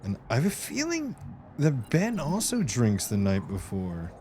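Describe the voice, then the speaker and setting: A man's voice: mid-range voice, huge pitch swings, unhurried, darkish tone, slight background noise. A man streaming a game, rambling casually and chatting with viewers as he plays. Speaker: gaming streamer. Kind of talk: casual live-stream commentary.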